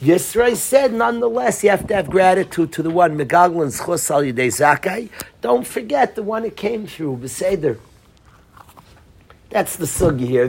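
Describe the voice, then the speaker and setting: A man's voice: high voice, creaky, a little hiss or hum. A man teaching a Torah class, telling a story and quizzing his students by name.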